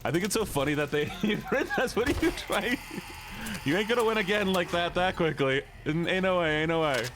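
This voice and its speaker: A man's voice: high-pitched, brisk. A man hosting a live gaming stream in casual, teasing chat, laughing often and talking to his viewers. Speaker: streamer and host. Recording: steady background noise.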